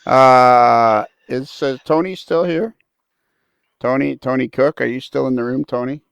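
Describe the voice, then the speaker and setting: A man's voice: medium pitch, a little slow, gravelly, clear, resonant tone, dry recording, muffled recording. A man leading a casual podcast group chat, grieving and subdued, asking the others to share memories. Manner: leads the talk, asks others to share.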